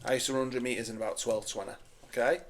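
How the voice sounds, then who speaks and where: A man's voice: medium pitch, quick pace. A man, telling a story in a casual, laughing, sweary way as a podcast guest. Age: 40s. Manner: animated, laughing, sweary banter.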